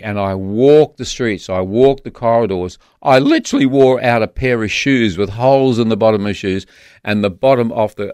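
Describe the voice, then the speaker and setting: An Australian man speaks as a guest on a radio interview, earnest and a little halting, often circling back to restart a thought. His voice sits low. The studio sound is close and dry with no room echo. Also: smooth. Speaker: guest author.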